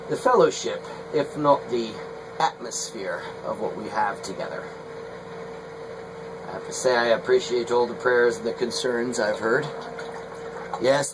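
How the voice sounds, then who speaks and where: A man's voice: medium pitch, background noise. A middle-aged man, a potter, talking casually and rambling with hesitant fillers. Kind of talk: casual vlog talk while working.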